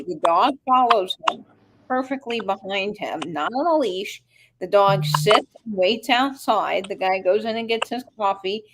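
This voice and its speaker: A woman co-hosting a casual live-stream chat over a video call, telling stories in a relaxed, easygoing way. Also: mid-range voice, noisy background. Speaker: co-host. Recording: fuzzy, staticky call audio.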